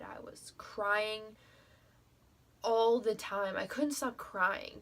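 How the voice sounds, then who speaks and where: A woman's voice: mid-range voice, gravelly. A young woman telling a personal story to the camera in a casual vlog, emotional and full of fillers, with frequent swearing. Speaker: vlogger.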